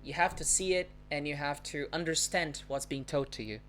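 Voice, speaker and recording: A woman's voice: deep voice, normal speed, a bit bright. A woman with a Brazilian Portuguese accent, teaching a live-streamed language lesson, patiently explaining and repeating example words. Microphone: phone or webcam on a live stream.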